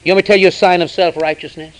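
A man preaching a sermon, swinging between loud emphasis and hushed asides. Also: sits high, steady tone, rapid-fire, low-quality recording.

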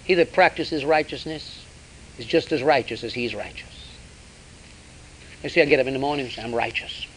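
A man preaching a sermon, swinging between loud emphasis and hushed asides. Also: mid-range voice, moderate pace, long pauses, a little hiss or hum, rough recording.

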